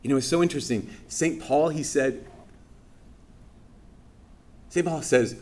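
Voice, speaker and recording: Animated male priest telling a story. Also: fairly high pitch, unhurried. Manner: animated, acts out dialogue with self-deprecating humor. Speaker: Catholic priest. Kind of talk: sermon with personal storytelling.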